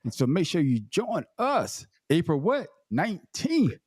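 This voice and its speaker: A man co-hosting a casual podcast, talking loudly and excitedly, swearing freely and stumbling over repeated words as he starts sentences. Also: fairly high pitch, unhurried, over a noisy crowd. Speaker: podcast co-host.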